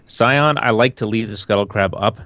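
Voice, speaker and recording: A man on a gaming podcast, chiming in with quick gameplay tips in casual chat. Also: fairly low pitch, fairly bright tone. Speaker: podcast panelist.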